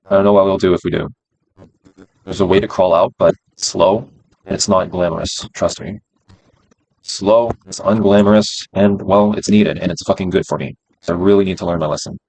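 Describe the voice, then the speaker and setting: In this live stream, a man with a deep, slightly mellow voice narrates his own day trades in casual, profane self-talk, repeating phrases along the way. The audio quality is poor.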